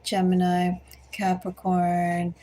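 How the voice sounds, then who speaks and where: A woman giving a collective tarot reading, speaking slowly and deliberately and repeatedly addressing the listener by star sign. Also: on the low side, completely flat delivery, warm tone, low-quality recording. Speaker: tarot reader.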